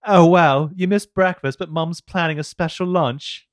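A man voicing a smug young woman, an evil twin with a put-on English accent, pitched high. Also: normal speed, no room sound, clean studio sound, close to an everyday voice. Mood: mocking. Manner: mocking, amused.

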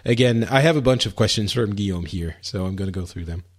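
A man's voice: on the low side, fast talker. A man co-hosting a podcast in casual chat, asking questions and laughing easily. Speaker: podcast co-host.

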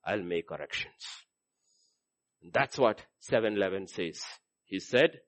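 A man preaching a sermon in an emphatic, repetitive style, moving from loud exhortation to low, intense delivery. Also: animated, unhurried, long pauses.

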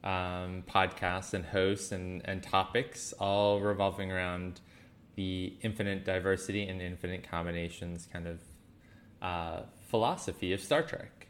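A man hosting a casual podcast, speaking emphatically with halting restarts. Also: low-pitched, fairly even intonation. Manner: emphatic, talks with his hands, halting. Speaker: podcast host. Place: studio, recording in person.

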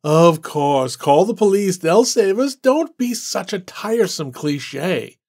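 A man's voice: medium pitch, animated, slow, creaky, a little mellow, slightly rough, exaggerated voice. A man voicing a cynical, sarcastic man with a mocking way of talking. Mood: sneering. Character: sneering cynical man, shaken later.

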